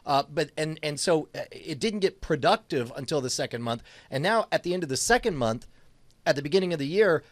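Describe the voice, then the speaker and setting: A man co-hosting a casual podcast, talking in a rambling, self-deprecating way with lots of halting restarts. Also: fairly high pitch, expressive, no echo. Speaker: co-host.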